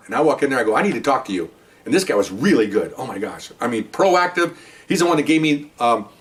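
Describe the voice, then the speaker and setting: An older man, a retired narcotics detective, telling a story from his career in a heated, animated way and acting out what people said. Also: mid-range voice, far from the mic. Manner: heated, animated, acts out quoted lines. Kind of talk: personal storytelling.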